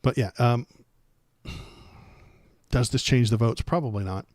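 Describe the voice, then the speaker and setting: A man's voice: mid-range voice, unhurried, darkish tone, no room sound. A man hosting a casual political livestream, talking sarcastically and rambling with many fillers and restarts.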